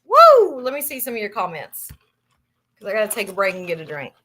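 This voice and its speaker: A woman hosting a live book club, reading a memoir aloud in a casual, profane way and reacting loudly between passages. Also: medium pitch, expressive, fast talker.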